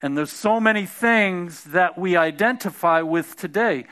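A male preacher with a high, lively pitch delivers a conversational sermon. He restarts phrases often and climbs to emphatic, forceful peaks. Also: a little slow, clean tone. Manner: conversational, repeats and restarts, builds to emphatic shouts.

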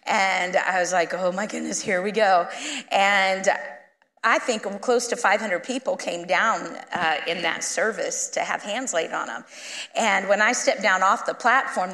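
Woman preaching in a reverberant church. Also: mid-range voice. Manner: lively, conversational, acts out quoted people. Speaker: guest minister. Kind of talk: sermon storytelling. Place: church sanctuary.

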